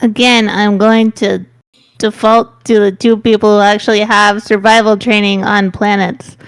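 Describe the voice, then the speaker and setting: A woman playing a tabletop game, reasoning in a dry, measured way. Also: mid-range voice, flat delivery, clean tone, no echo. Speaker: player. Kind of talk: tabletop role-play chat.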